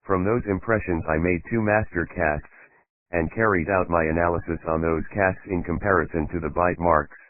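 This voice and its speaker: A man voicing a detached male forensic dentist giving measured, matter-of-fact courtroom testimony in an audiobook. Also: low voice, fairly even intonation, dry recording, natural voice. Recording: tinny phone-like dry sound.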